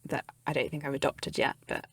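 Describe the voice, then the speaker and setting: A woman in her thirties from the West Country of England, with a West Country accent, co-hosting a podcast in a lively, conversational way and laughing easily. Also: a bass voice, fairly quick, creaky, breathy edge, no room sound. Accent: West Country English. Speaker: podcast co-host. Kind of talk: casual chat.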